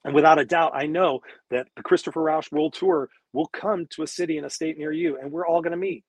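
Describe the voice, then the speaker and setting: Man, motivational coach, live-streamed talk, husky, slightly high, emphatic, profane, earbud mic. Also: fairly even intonation, fairly quick, no room sound. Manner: emphatic, profane, preachy repetition. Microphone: wireless earbuds.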